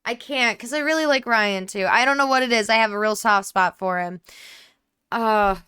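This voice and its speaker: A young woman talks through a story game, reading on-screen messages and then chatting about them with lots of "like" and an empathetic tone. Her voice is bright and crisp, recorded close and dry. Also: fairly high pitch, moderate pace, dry recording. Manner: chatty, many 'like' fillers, empathetic. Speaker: gaming YouTuber. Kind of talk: let's play commentary, reading game texts aloud.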